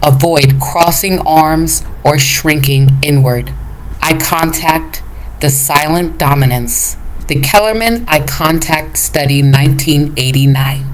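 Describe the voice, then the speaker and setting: A woman narrating a self-improvement lesson in a measured, list-like reading. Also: sits low, a little hiss or hum, low-quality recording. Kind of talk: scripted narration.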